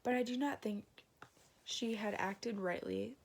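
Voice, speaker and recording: A woman reading a fairy tale aloud in a gentle storytelling manner, adding moralizing asides. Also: fairly high pitch, unhurried.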